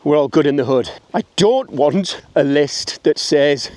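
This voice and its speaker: A man's voice: fairly high pitch, moderate pace, hardly any pauses, darkish tone. Middle-aged Englishman with a British accent, slightly raised voice; casual blunt vlogger walking and talking, a bit winded. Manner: blunt, chatty, joking. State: out of breath going uphill. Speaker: wedding photographer. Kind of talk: casual walking vlog to camera. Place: outdoors, walking uphill.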